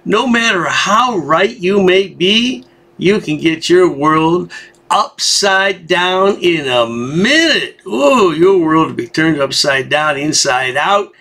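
A man's voice: on the high side, a bit bright. A man hosting a commentary channel, giving a sarcastic, taunting voice-over.

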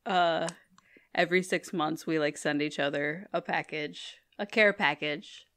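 A woman's voice: sits low, a little slow, a bit bright. A woman co-hosting a podcast in casual chat, easygoing and giggly, laughing often. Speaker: podcast co-host.

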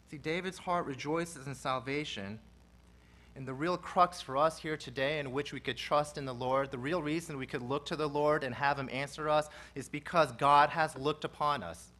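A male pastor delivers a sermon with earnest conviction. He swings between loud, forceful emphasis and quiet, low stretches as he presses his points. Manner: earnest preaching with rising and falling emphasis.

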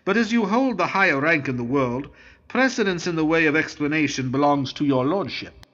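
A man reading the part of a seasoned bandit chief in a cool, deliberate manner. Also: a little high, animated, a bit bright, highs cut off.

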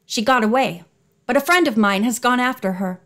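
A woman's voice: a little high, normal speed, a bit bright. A woman reading an audiobook voices a composed teenage girl detective who speaks in a level, reasonable way. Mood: calm.

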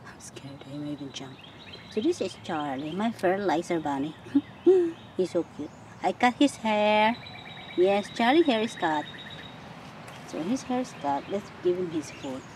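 A woman chatting casually while she walks through her backyard garden, sometimes calling to her pet rabbit in a high sing-song voice. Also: lively intonation, moderate pace. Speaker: vlogger giving a garden tour. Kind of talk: casual chat while walking. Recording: outdoor phone video with faint nature noise.

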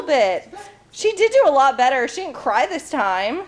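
A woman's voice: high voice, big pitch swings, a little slow. A young woman vlogging at home and in a car, chatting casually and cooing baby talk to her dog. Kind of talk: casual family vlog. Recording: noisy handheld camera audio.

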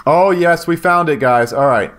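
A man giving casual, excitable commentary on his gameplay, talking to viewers and yelping when danger shows up. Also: on the high side, moderate pace. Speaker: gaming YouTuber.

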